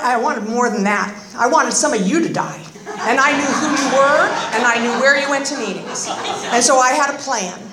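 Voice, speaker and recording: A woman's voice: sits high, slight background noise. A woman in her fifties giving a humorous, sarcastic personal testimony at a recovery meeting, acting out voices as she goes. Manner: animated, sarcastic, acts out voices. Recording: roomy echoing meeting hall.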